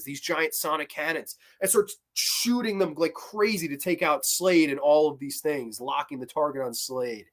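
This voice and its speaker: A man's voice: a little high, normal speed, few pauses, fairly bright tone. Rambling enthusiastic man reviewing cartoons. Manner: rambling, enthusiastic, quotes scenes in loose voices. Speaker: host of a cartoon review show. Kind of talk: casual episode ranking commentary.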